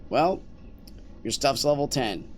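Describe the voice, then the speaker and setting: A young man rambles and jokes with his stream viewers and teammates while he plays, giving casual gameplay commentary. His mid-range voice is expressive and slow-paced, with a little hiss or hum in the recording.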